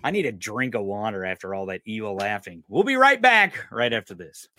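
A man hosting a podcast, giving a loud, profane, mocking political rant. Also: on the low side, very animated, a little fast, soft background music. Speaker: podcast host.

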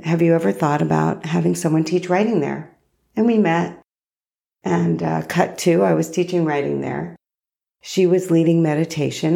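Gravelly low-voiced woman podcaster. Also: mellow. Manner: storytelling, unhurried and personal. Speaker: podcast host. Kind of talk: reflective solo podcast monologue.

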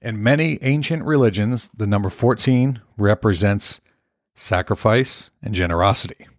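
Rambling low-voiced man podcasting solo. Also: normal speed, dry recording, studio quality. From United States. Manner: rambling, profane, repeats words. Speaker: podcast host.

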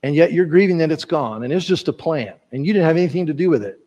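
A man voicing God as a patient, fatherly figure in his sermon, explaining things gently. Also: on the high side, expressive, fast talker, long reverb tail, dull audio. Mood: reasoning.

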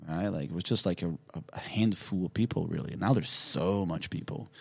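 Animated man, lowish voice. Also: fairly quick, creaky, breathy edge. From Brazil. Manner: animated, laughing, full of fillers like "you know what I mean". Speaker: podcast guest. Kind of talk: casual storytelling.

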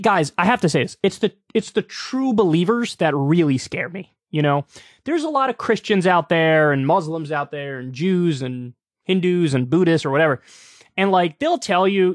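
A man hosting a political commentary show, talking casually with sarcastic, mocking, animated rants. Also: high-pitched, moderate pace, no echo, clean studio sound.

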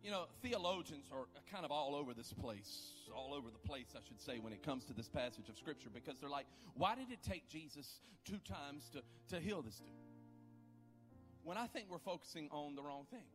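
A man preaching a sermon, building to loud impassioned peaks and dropping to low, quiet questions. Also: expressive, normal speed, faint music behind. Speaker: pastor.

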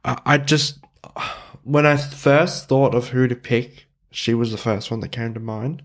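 A man co-hosting a casual film podcast, excitable and quick to protest or mock his co-host. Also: medium pitch.

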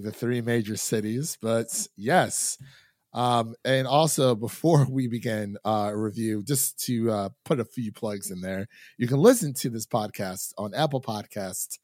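A man's voice: mid-range voice, darkish tone, no room sound, clean studio sound. A man from Ohio hosting a film review podcast in casual chat, laughing often. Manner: laughs often, chatty with fillers. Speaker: podcast host.

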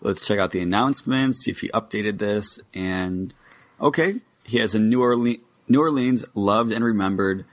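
A young man co-hosts a casual podcast. He talks with eager, opinionated enthusiasm. His voice sits on the lower side. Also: moderate pace. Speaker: podcast co-host.

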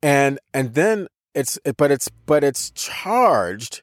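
A man's voice: medium pitch, sing-song, slow, dry recording, clean studio sound. A man with an American accent, a podcast co-host telling a personal story in casual conversation, emphatic, with many restarts and repeated words. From United States.

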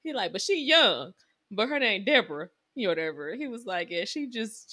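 A woman's voice: fairly high pitch, big pitch swings, a little fast, pushed and bright. A woman co-hosting a podcast in casual chat, telling stories with playful impressions and lots of laughter. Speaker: podcast co-host.

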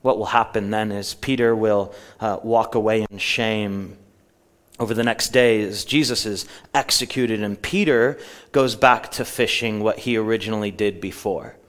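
A middle-aged man preaching a sermon in a church, retelling a story with quotes and slowing down for emphasis. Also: lowish voice, a bit bright. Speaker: pastor.

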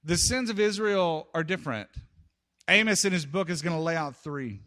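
Bright-voiced man preaching with dramatic swings. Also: a little high. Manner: dramatic, swings between loud outbursts and hushed pauses. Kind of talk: sermon storytelling.

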